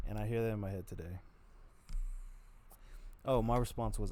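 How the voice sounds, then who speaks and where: A man's voice: lowish voice, a little fast, pauses often, warm tone. A man telling a personal story on his video channel in a rambling, blunt way, swearing freely. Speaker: vlogger.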